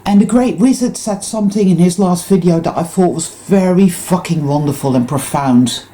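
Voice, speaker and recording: A woman's voice: on the low side, moderate pace, dark tone, a little hiss or hum. A woman giving an intense, rambling spiritual monologue to her viewers, full of swearing. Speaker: spiritual vlogger.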